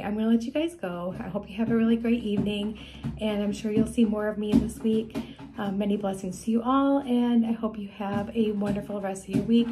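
A middle-aged woman hosting a casual beading tutorial, chatty and homey, with frequent ums. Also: medium pitch. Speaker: beading video host. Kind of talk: casual crafting tutorial chat.

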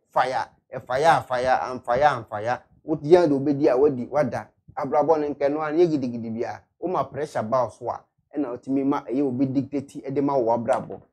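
A man's voice: medium pitch, a little mellow. A man with a Ghanaian accent giving lecturing commentary and advice.

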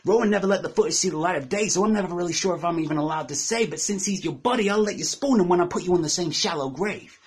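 Fast-rapping husky-voiced man. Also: high-pitched. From England. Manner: aggressive taunting insults. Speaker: battle rapper. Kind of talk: battle rap verse.

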